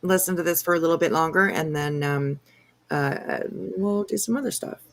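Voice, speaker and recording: A woman's voice: on the low side, moderate pace, vocal fry. A woman hosting a live stream, chatting casually and greeting viewers. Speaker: stream host.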